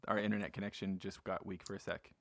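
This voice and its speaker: A woman hosting a podcast in a relaxed, encouraging way and laughing along with her guest. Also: very deep voice, fast, no echo. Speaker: podcast host. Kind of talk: casual conversational interview.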